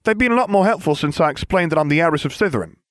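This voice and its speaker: A man reading aloud and voicing a bold, cheerful young girl in a very high, chirpy voice. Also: lively intonation, racing, no room sound, clean studio sound, close to an everyday voice. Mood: confident.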